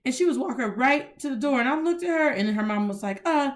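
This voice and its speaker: A Spanish teacher hosts a casual lesson in an informal, chatty monologue, switching between English and Spanish, spelling words out letter by letter, and saying "y'all." Her voice sits high, and she is animated and fast.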